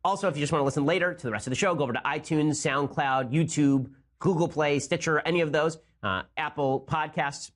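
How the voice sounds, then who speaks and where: Man, talk podcast host, rapid-fire, sarcastic, mocking, fairly high voice. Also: a bit bright.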